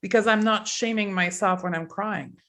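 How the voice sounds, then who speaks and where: A woman hosting a relaxed panel discussion, her voice sitting at an ordinary middle pitch. She guides the conversation with direct questions and short, quick affirmations. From Canada. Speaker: podcast host.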